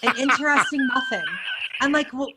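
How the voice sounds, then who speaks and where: A woman from the United States, a photographer guest on a podcast, telling stories in a casual, animated way and acting out what others said. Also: high voice, moderate pace, very noisy. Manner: animated, laughing, acts out quotes.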